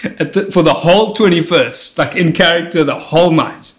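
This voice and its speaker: A man spins comic anecdotes in a loose, chatty way. His voice sits a little high and leaps up further whenever he quotes someone. The room around him sounds echoey. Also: moderate pace. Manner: animated storyteller, jumps high when quoting people. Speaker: comedian telling stories. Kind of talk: casual chat.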